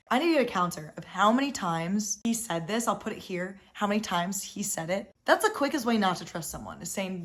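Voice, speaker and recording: A young woman hosting a casual reality-show recap, animated and exasperated, full of "like" and swearing freely. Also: mid-range voice, normal speed. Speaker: recap host.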